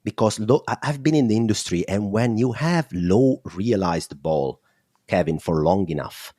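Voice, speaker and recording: Deep-voiced Italian man explaining markets. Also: expressive, moderate pace, dark tone, dry recording, clean studio sound. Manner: explanatory, thinks aloud with fillers. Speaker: macro analyst guest. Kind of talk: interview, market commentary.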